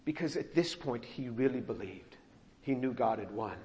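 Expressive male preacher in a reverberant hall. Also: mid-range voice, moderate pace, muffled recording. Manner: expressive, acts out the scripture he reads. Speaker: pastor. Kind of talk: sermon.

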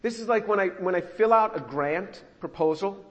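High-voiced man teaching scripture in a reverberant hall. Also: normal speed, dull audio. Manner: explanatory, repeats phrases for emphasis, wry asides. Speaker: Bible teacher. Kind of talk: verse-by-verse Bible teaching.

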